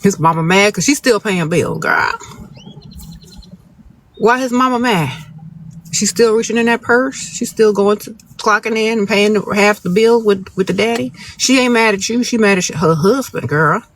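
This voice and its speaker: A man with a notably high voice hosts a casual livestream, answering viewer questions with blunt, sassy, no-nonsense advice. He talks straight at his audience, and a faint background noise sits under the phone recording. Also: moderate pace, fairly bright tone. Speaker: advice-giving livestream host. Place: outdoors, birds nearby.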